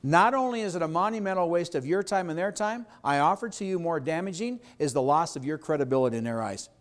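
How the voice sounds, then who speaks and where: A man runs a live sales training session for real estate agents, and his voice sits a little high. He leans on key words for emphasis and keeps asking the room whether it follows him. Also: expressive, fast. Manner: emphatic, asks the audience questions.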